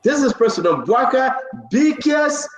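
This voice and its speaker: A man's voice: extremely high pitch, big pitch swings, a little slow, roomy sound, faint music behind, rough recording. A man hosting a heated political talk show, passionate and raising his voice. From Liberia. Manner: passionate, raises voice, repeats himself.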